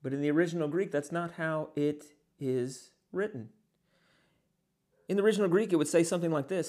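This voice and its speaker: Earnest male pastor, slightly high voice. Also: a little fast, darkish tone. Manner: earnest, hesitant with frequent fillers, many rhetorical questions. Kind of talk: teaching sermon.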